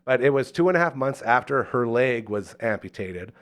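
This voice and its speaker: A man hosting a live local talk show, telling stories in a casual, animated way and acting out the voices in them. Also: medium pitch, moderate pace. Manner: animated storyteller, acts out the voices in his stories. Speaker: radio show host.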